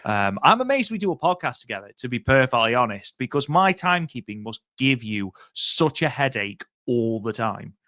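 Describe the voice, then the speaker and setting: A man's voice: medium pitch, big pitch swings, normal speed, few pauses, sharp tone, no room sound. A man co-hosting a podcast over a remote link, chatting casually in a rambling, self-deprecating way full of ums. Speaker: podcast co-host.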